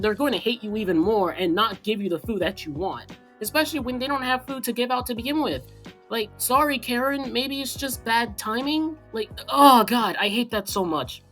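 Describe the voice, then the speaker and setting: A man's voice: high voice, a bit bright. A young man telling a story in a rambling, sarcastic way, full of fillers. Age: young adult. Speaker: storytime vlogger. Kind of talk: casual storytelling.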